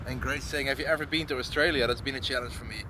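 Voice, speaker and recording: A Dutch man hosting a live plane-spotting stream outdoors at an airport, chatting casually, reading out chat messages and getting excited as planes land. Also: mid-range voice, quick pace. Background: clear outdoor traffic and urban noise.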